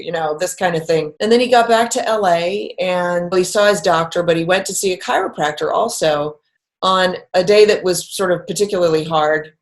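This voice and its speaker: A woman's voice: on the low side, normal speed. A middle-aged woman recounting a personal story in conversation, acting out the quoted lines as she goes. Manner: animated, acts out quoted lines. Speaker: guest telling a personal story.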